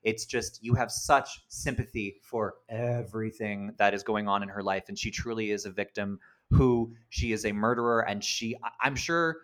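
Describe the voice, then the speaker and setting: A man co-hosting a casual film podcast, chatty and animated, quick to laugh and act out quotes. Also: fairly low pitch. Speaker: podcast co-host.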